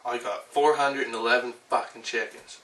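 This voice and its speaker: A man's voice: mid-range voice, fairly even intonation, moderate pace, bright, forceful tone, lightly acted. A man doing a foul-mouthed ranting chicken catcher. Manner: profane ranting storytelling. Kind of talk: recited monologue impression. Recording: roomy, distant, faint ambient noise.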